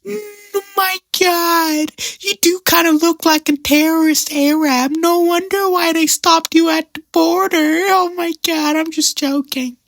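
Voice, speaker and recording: A man impersonating a loud, gushing middle-aged auntie woman with shrill, drawn-out squeals. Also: fairly even intonation, gravelly, dry recording, full character voice.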